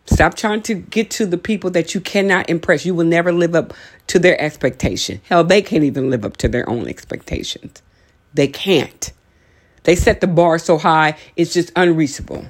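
A podcast host giving a motivational talk, urging listeners on with emphatic, repeated lines and the odd joking aside. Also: male voice, on the high side, moderate pace. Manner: emphatic, repetitive exhortations.

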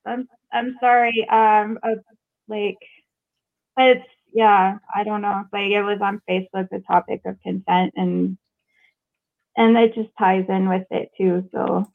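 A woman's voice: medium pitch, flat delivery, measured pace, creaky. A woman calling in to a show, telling a story animatedly, then turning hesitant and apologetic. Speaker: caller. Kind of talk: casual call-in chat. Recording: tinny phone line.

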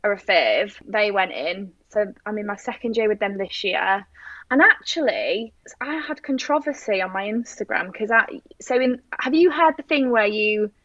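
A woman's voice: mid-range voice, expressive, moderate pace, a bit bright, no echo, lo-fi sound. A woman talking casually about her flower farm, chatty and full of fillers and restarts. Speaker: guest flower farmer. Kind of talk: casual podcast chat.

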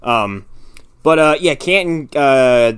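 Male co-host, excitable, lively swooping delivery, casual profane movie chat. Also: medium pitch, slow pace, smooth, no room sound, studio quality. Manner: excitable, animated, heavy swearing. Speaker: podcast co-host.

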